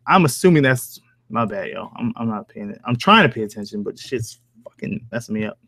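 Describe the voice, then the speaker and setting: A man's voice: medium pitch, fairly quick, a bit bright, dry recording. A man with an accent that blends New Jersey and Southern country talks loosely and casually, reading and answering viewer comments on a live stream. He swears freely and chuckles often, and his voice sits in the middle range. The sound is close and dry. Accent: mix of New Jersey and American Southern country. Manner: loose, laid-back and profane, with frequent chuckles. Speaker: horror story narrator live-streaming. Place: at home.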